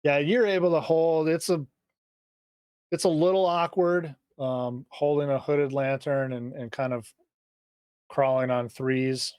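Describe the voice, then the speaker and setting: A man's voice: on the high side, steady tone, smooth, no echo, highs cut off. A man narrating a tabletop game as game master, taking his time and stumbling over words as he feels his way through the scene. The sound is dry and close, with no room around him. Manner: halting, searching for words.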